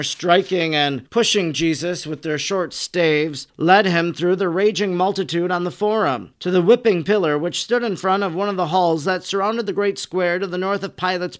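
A male narrator reads a religious text aloud as an audiobook. His voice sits a little high, and his delivery stays solemn and measured.

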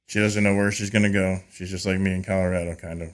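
A man guesting on a podcast, chatting casually and telling a lively story, acting out quoted dialogue with frequent restarts and repeated words. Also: sits low, fast. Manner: animated, acts out quoted dialogue with lively voices.

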